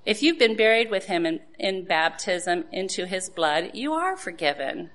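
A woman's voice: on the low side, expressive, moderate pace, fairly bright tone. A woman giving an earnest sermon to other women, asking rhetorical questions and citing scripture. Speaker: women's devotional speaker.

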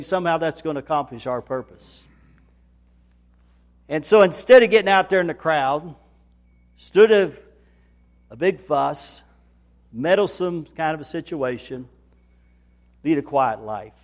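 A man preaching a sermon in a folksy manner, building to loud, emphatic repetition. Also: fairly high pitch, lively intonation, measured pace, pauses often. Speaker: pastor.

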